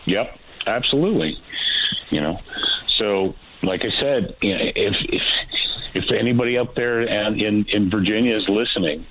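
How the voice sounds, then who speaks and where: A man's voice: on the low side, normal speed, breathy edge. A man calling into a talk radio show as a guest firearms trainer, blunt, combative and emphatic. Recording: tinny phone line.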